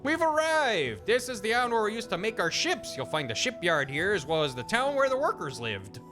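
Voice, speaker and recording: This is an old robot ship captain with a homely Midwestern accent, put on by a man. The voice sits high and bounces all over in a hammy reading. Game music plays behind him. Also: sing-song, brisk. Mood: cheery. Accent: put-on American Midwestern. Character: old male robot sea captain, folksy.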